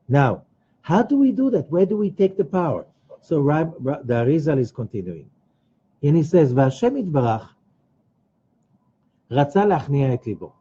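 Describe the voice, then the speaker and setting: Guy teaching a kabbalah class, husky mellow voice, kinda higher pitched, dull lo-fi sound. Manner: emphatic, repeats phrases, acts out quoted voices. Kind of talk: teaching a weekly study class. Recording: dull lo-fi recording.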